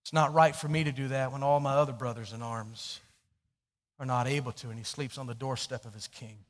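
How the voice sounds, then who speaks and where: A man preaching a sermon, telling a story and swinging from hushed, low passages to loud, emphatic questions. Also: fairly even intonation, a little fast. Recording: long hall reverb.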